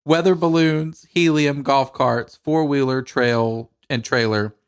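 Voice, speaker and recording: A man's voice: medium pitch, steady tone, slow pace, clear, resonant tone. Laid-back man podcast co-host. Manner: laid-back, rambling, laughs between lines. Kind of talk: casual chat.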